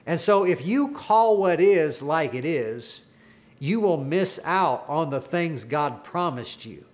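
A man preaching a sermon, telling a story earnestly and often repeating his words. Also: a little high.

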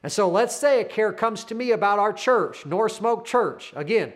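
A man in his thirties preaching with a high, light voice. He presses his point through earnest, repeated declarations, speaking close to the mic. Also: animated, normal speed. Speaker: pastor. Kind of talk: sermon.

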